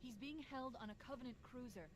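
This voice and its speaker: A woman voicing Cortana, crisp game AI. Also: sits high, fast talker, close to an everyday voice. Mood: urgent. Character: calm female AI guiding a soldier. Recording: quiet game audio under the stream.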